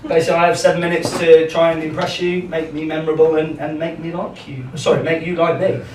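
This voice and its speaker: A man's voice: on the high side, level tone, fast. A young man doing a live stand-up set in a small pub comedy club, chatty and self-deprecating, rambling with lots of ums. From England. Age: young adult. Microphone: handheld stage microphone. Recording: roomy club sound, distant mic, audience noise.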